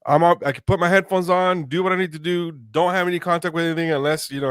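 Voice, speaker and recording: Earnest, halting man hosting a podcast. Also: a little high, fairly even intonation, a bit bright, clear, resonant tone, dry recording, clean studio sound. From United States. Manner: earnest, halting, many restarts. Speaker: podcast host. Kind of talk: conversational interview.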